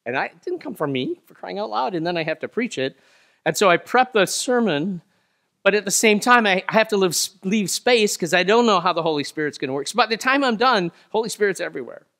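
A man's voice: high-pitched, expressive, vocal fry, a bit bright. Male pastor preaching a sermon. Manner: conversational, self-deprecating, acts out little dialogues; slow, solemn scripture reading.

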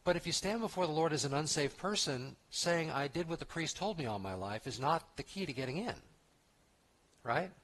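A man's voice: fairly high pitch, animated, normal speed, a bit bright. A man pastor giving an expository sermon in a conversational, emphatic way, with restarts and asides.

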